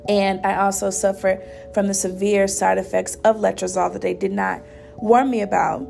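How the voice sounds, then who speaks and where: A young woman speaks in a soft, earnest, reflective way as she hosts her own podcast. Her voice carries a gravelly fry, and she pauses often and restarts her sentences. Faint music plays behind her. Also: mid-range voice, flat delivery. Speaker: podcast host. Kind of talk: personal faith podcast monologue.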